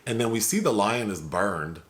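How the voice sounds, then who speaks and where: Guy on a movie review podcast, lowish voice, chatty, lots of "like". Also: lively intonation, moderate pace, background noise. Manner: chatty, laughs at the film, many fillers. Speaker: film review podcast host. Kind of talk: casual chat.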